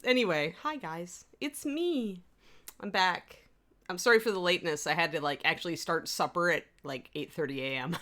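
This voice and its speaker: A woman's voice: on the low side, fairly quick, bright, forceful tone. A woman hosting a hobby livestream in casual chat, rambling and laughing often as she reads out and answers chat messages. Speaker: livestream host.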